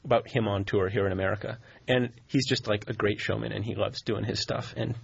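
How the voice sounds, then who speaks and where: A man's voice: on the low side, steady tone, fairly quick, gravelly, breathy edge, muffled recording. A man hosting a casual talk show, joking and sarcastic, laughing often. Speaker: host.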